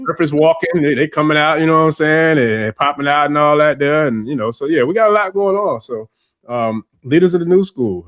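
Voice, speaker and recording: A man's voice: mid-range voice, no room sound, clean studio sound. A man hosting a casual livestream chat in a laid-back, slangy way, often repeating words. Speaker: host.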